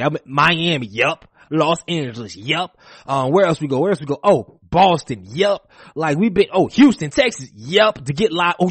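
A man hosting his podcast, opening the season with an excited, emotional, slangy monologue. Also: sits high, breathy edge, no echo. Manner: animated, emotional, slangy hype talk. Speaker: podcast host.

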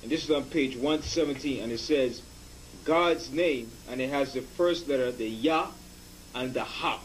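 A man's voice: medium pitch, normal speed, slight background noise, rough recording. A man reading dictionary entries aloud for a teacher, hesitant with fillers. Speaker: assistant reading references aloud.

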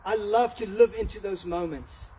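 A man preaching a sermon as pastor, animated, acting out the story with quoted voices. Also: sits high, normal speed, distant mic, a little hiss or hum, low-quality recording. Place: church hall.

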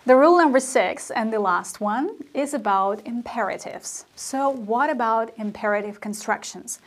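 A woman teaching a grammar lesson, explaining slowly and deliberately with spoken example sentences. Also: a little high. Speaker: language teacher.

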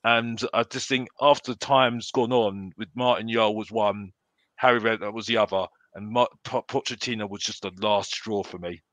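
A man's voice: fairly low pitch, fairly even intonation, normal speed, a bit bright, dry recording. A man chatting casually as a fan panelist, rambling with many restarts and repeated phrases.

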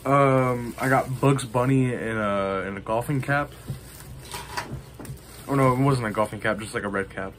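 A man chatting casually to the camera in a show-and-tell vlog. He rambles along, filling his pauses with ums and you-knows. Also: medium pitch, noisy background. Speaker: vlogger showing his collection.

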